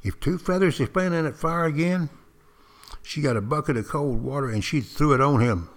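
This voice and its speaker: An older man, a former Marine, telling stories in a folksy way with dramatic pauses, speaking directly to his listeners. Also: fairly high pitch. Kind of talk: spoken storytelling to listeners.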